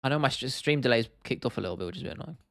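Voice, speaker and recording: A man's voice: mid-range voice, animated, rapid-fire, creaky, a bit bright, no room sound, clean studio sound. A young man from England hosting a casual livestream, reading out chat comments and rambling with frequent restarts and laughs. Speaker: livestream host.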